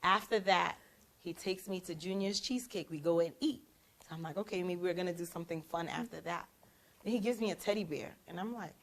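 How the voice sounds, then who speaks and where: A young woman host telling a personal story in casual chat, acting out the quoted lines with lively emphasis. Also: lowish voice, fairly quick. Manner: animated, acts out quoted lines. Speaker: prophetess and show host.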